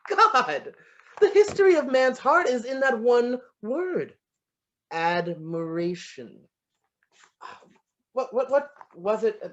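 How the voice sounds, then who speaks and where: An actor playing a flattering, lovestruck poet in an amateur online stage play, savoring each word and muttering to himself. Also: medium pitch, slow pace, long pauses, muffled recording. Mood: musing. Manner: florid, wooing, savoring words, muttering to himself. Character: lovestruck, flattering William Shakespeare, a playful poet.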